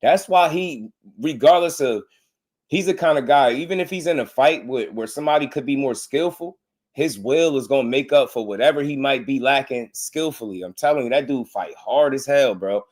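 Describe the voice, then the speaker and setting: A man giving casual boxing commentary on a live stream, slangy and animated, laughing often. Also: mid-range voice, moderate pace.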